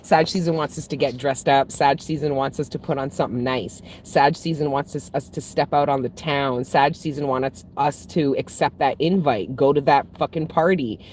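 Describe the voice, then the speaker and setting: A woman with an extremely low, darkish voice hosts a spiritual livestream, reading viewer comments at a normal pace with few pauses. A little hiss or hum sits under the audio. As a spiritual reader, she chats casually and frankly, swearing freely and laughing often.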